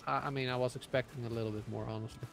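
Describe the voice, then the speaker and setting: Gravelly man joking over game chat. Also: medium pitch, fairly even intonation, rapid-fire. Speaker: fellow player. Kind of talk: casual gaming chat.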